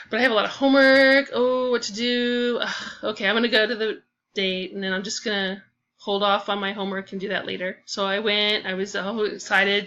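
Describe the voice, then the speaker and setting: Woman storyteller, bright and expressive, casual delivery, lo-fi audio. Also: medium pitch, slight background noise. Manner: expressive, acts out dialogue with sighs and gasps.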